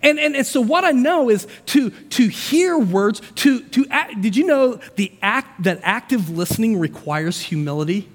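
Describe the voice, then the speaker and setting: A man preaching a sermon as pastor, energetic and conversational, with asides and frequent restarts. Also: very high voice, moderate pace, hardly any pauses. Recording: long hall reverb.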